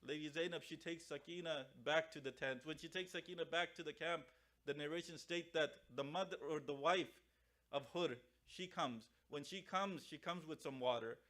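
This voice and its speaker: A man's voice: fairly high pitch, fairly bright tone. A man, a cleric in a mosque, telling a mournful story in a memorial sermon that rises into lament. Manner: emotional storytelling, rising to lament.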